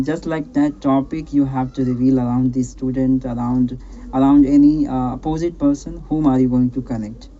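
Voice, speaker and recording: A man's voice: medium pitch, dark tone, muffled recording. A man coaching a learner on a call, encouraging and repetitive, often checking in with "right?". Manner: encouraging, repetitive, peppers speech with "right?" and "you know". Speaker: English speaking coach hosting a practice call. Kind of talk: casual advice chat on a call.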